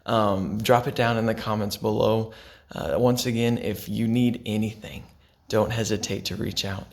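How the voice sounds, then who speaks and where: A man, a pastor, giving a gentle and unhurried devotional talk that drops to a hush for quiet lines. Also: lowish voice, fairly even intonation. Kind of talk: devotional sermon to camera.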